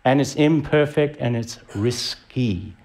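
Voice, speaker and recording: A man's voice: mid-range voice, animated, slow pace, creaky, a little mellow. A middle-aged Australian man preaching a sermon in a conversational way, asking the congregation questions. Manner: conversational, asks the audience rhetorical questions. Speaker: visiting preacher.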